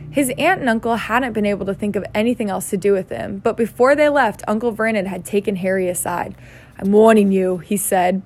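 Woman reading a kids' book out loud, casual, stumbles and fixes words, mid-pitched. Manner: casual, with slips and self-corrections. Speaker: reader. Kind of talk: reading a children's novel aloud.

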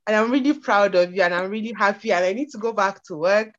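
A woman's voice: medium pitch, quick pace. A woman speaking enthusiastically and repetitively as a guest on an online call. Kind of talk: speech on a video call. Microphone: online call audio. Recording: muffled lo-fi call audio.

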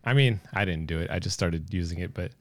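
A man's voice: low voice, quick pace, no room sound, studio quality. A man hosting a casual podcast about movies and TV, upbeat and laughing often. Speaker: podcast host.

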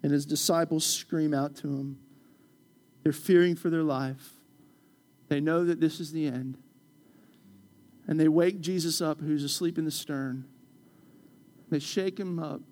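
A man pastor preaching a passionate sermon in a church, swinging from loud urgent calls to quiet prayer. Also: a little high, fairly even intonation, a little slow, long pauses. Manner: impassioned preaching, rising loud then dropping soft.

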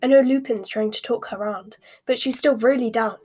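A woman's voice: on the high side, moderate pace, dark tone, husky. A woman voicing an earnest, indignant, clever teenage girl witch.

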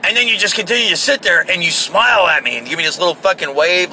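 A man tells a rambling story full of swearing, with a bright, forceful voice that sits a little high for a man. He speaks casually and with animation, as if talking to a camera from inside a vehicle. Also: fast, a little hiss or hum. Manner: profane, rambling, animated retelling.

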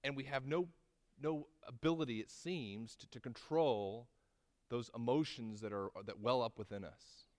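A man preaching a sermon, telling the story with rising intensity at dramatic moments and slowing to stress key words, often asking his listeners "right?". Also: medium pitch, big-room sound. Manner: conversational with tag questions and restarts. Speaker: pastor.

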